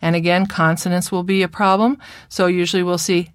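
A woman's voice: fairly low pitch, fairly even intonation, fairly quick, smooth, dry recording, studio quality. A middle-aged woman speech therapist giving an instructional lecture, modeling a child's speech errors as she goes.

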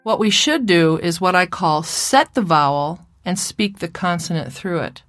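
A middle-aged woman delivers a slide lecture on speech therapy in a calm, measured, clinical way. Her voice sits a little low, and the sound is dry and close with no room echo. She slows down to model speech sounds one at a time. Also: soft background music.

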